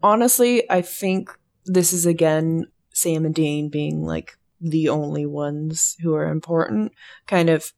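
A young adult woman co-hosting a casual TV recap chat, relaxed and analytical with a wry edge. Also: low voice, a little slow, gravelly. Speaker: podcast co-host.

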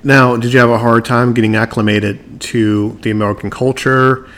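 A man's voice: medium pitch, flat delivery, normal speed, a bit bright. A man hosting an interview and asking conversational questions. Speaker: host.

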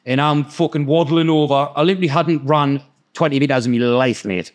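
A man with a thick Geordie accent tells stories at a rapid clip, in a fairly high voice. He swears freely, laughs often and does quick voices for the people in his tales. Casual podcast chat. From North East England. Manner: fast, sweary, laughing, acts out quoted voices. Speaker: podcast guest. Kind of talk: casual storytelling.

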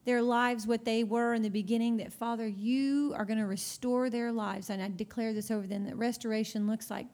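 A woman host with a fairly high voice leads an out-loud prayer. She prays fervently, repeating her thanks and declarations again and again. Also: steady tone, a little fast, hardly any pauses. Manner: fervent, repetitive praying. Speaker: podcast host.

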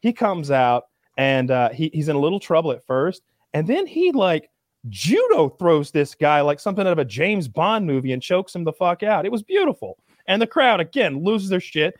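A young man chatting casually, telling excited stories, swearing and acting out crowd cheers. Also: fairly high pitch, moderate pace, no echo, studio quality. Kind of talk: casual chat.

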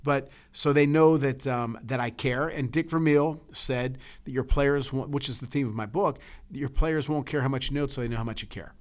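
This coach and podcast co-host speaks in a mid-range voice at normal speed, barely pausing. In casual chat he tells emotional stories, often repeating words as he restarts his sentences.

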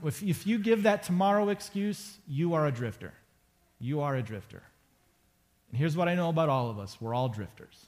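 A man's voice: fairly high pitch, animated, moderate pace, darkish tone. A man preaching a conversational sermon to a congregation, casual and joking, repeating phrases for emphasis. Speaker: pastor. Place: church sanctuary before a congregation.

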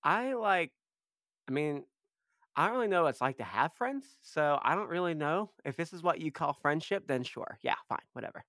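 A man's voice: on the high side, animated, normal speed, fairly bright tone, dry recording, clean studio sound. A man playing in a tabletop game, trading sarcastic, teasing banter in character. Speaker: player. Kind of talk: casual role-play banter.

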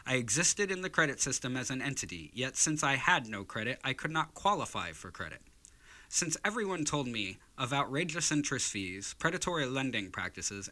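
Fiery old-timey union organizer on a soapbox, a guy putting it on, bright punchy voice. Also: medium pitch. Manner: rousing, oratorical.

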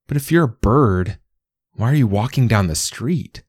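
A man's voice: mid-range voice, expressive, normal speed, darkish tone, no room sound, studio quality, voice pushed up, lightly acted. A man voicing a timid, eager young male basil plant in a storybook reading, pleading and apologetic. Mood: earnest.

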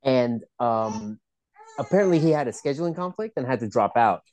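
A man's voice: mid-range voice, normal speed, slight background noise. A man telling celebrity gossip in casual chat, rambling and swearing often with many restarts. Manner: profane, rambling, animated storytelling with restarts.

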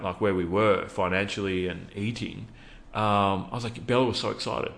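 A man's voice: lowish voice, fairly even intonation, brisk, few pauses, a bit bright, echoey room. A man, a youth worker, telling a personal story earnestly with many fillers and restarts. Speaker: podcast guest, youth worker.

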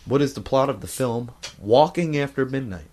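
A man hosting a comedy quiz podcast, crude and quick in his banter. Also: medium pitch, warm tone. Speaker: quiz host.

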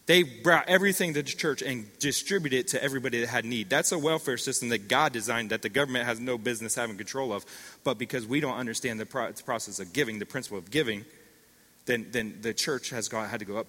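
A middle-aged man preaching a sermon, telling stories with lively swings and calling out to the congregation. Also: mid-range voice, quick pace. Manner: animated storytelling with call-outs to the congregation. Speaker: pastor. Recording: long reverb of a large hall.

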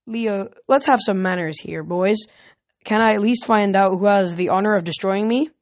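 A woman's voice: mid-range voice, normal speed, natural voice. A woman voicing a cheeky teenage boy. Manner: cheeky, sarcastic.

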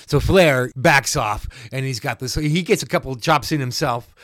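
A man casually recapping an old wrestling match for a co-host, jokey and animated, acting out the wrestlers' yells. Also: medium pitch, normal speed, no echo, studio quality. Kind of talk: casual play-by-play chat.

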